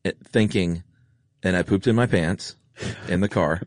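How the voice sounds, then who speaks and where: Deep-voiced man in casual podcast chat. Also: unhurried, darkish tone, no room sound, studio quality. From Atlanta area, US. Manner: jokey, tells rambling personal stories. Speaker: podcast co-host.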